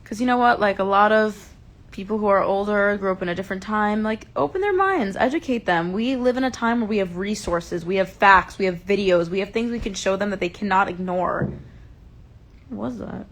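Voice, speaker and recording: Streaming casually from home on a phone mic, a young woman host rants and swears with passion, plainly upset and enraged. Her voice sits mid-range and moves briskly.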